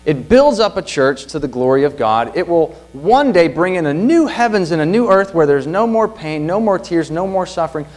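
Pastor, man, middle-aged; animated, earnest sermon delivery, slight hum on the recording. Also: fairly high pitch, moderate pace, hardly any pauses, poor audio. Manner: earnest, emphatic preaching with rhetorical questions.

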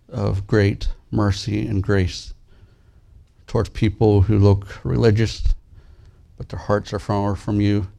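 A man preaching a sermon as pastor, soft and slow in prayer, lifting his voice when he reads scripture aloud. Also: lowish voice, vocal fry. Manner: earnest, rises and grows louder when reading scripture.

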